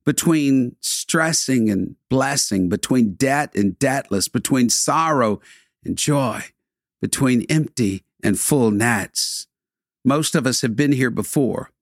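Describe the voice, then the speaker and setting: A man delivering a devotional sermon, preaching in rhythmic, building repetitions with dramatic pauses. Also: mid-range voice, expressive, dry recording, clean studio sound.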